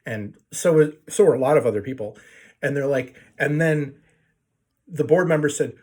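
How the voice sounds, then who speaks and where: Husky man telling a rambling story. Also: medium pitch, moderate pace, a little mellow. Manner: rambling, profane, full of fillers and restarts. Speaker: video blogger telling a story. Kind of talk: casual storytelling rant.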